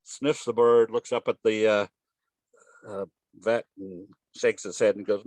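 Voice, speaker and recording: A man's voice: fairly low pitch, unhurried, long pauses, no echo. A man giving a casual trading webinar in a folksy, storytelling way, with frequent restarts. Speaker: trading educator presenting a webinar.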